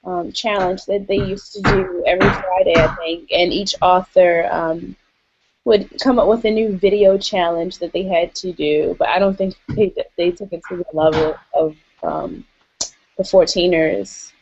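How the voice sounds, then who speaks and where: A woman's voice: lowish voice, fairly even intonation, a little slow, darkish tone, highs cut off, slight background noise. A woman co-hosting a casual book podcast, joking and teasing her co-host.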